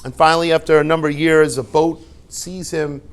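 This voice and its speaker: A man's voice: on the high side, level tone, a little fast, smooth. A man, a rabbi and yeshiva head, giving an informal Torah talk to a class, telling stories with rhetorical questions and joking asides.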